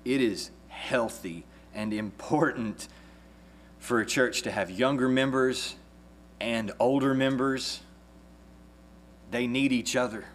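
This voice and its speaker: A man preaching a sermon as pastor, earnest and measured, with a few restarts. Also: medium pitch, a bit bright.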